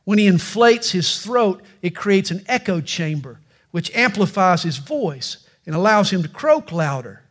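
A male pastor preaching a sermon, with animated storytelling and touches of humor. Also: sits high, a little slow.

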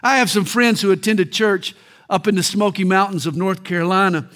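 A middle-aged male pastor delivering a sermon, telling stories and slowing down to stress key points. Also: high-pitched, steady tone, a bit bright.

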